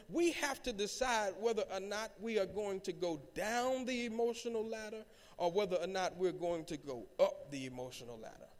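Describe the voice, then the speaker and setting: A male pastor with a high voice preaches to his congregation. He builds in volume and calls on the people to answer back. His voice rings with the long reverb of a church sanctuary. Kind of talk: sermon.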